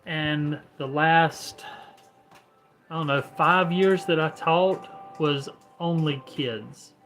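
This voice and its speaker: Easygoing man, slightly higher voice. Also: very slow, fairly bright tone, faint music behind, rough recording. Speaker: homesteading vlogger. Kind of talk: casual chat.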